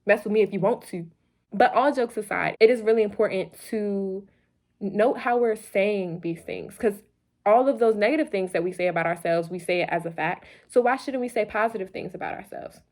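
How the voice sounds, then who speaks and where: A woman's voice: medium pitch, normal speed, a little mellow. Playful, preachy young woman vlogger. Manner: playful, preachy, repeats phrases for emphasis. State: a little loopy late at night. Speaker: vlog host. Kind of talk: motivational talk to camera.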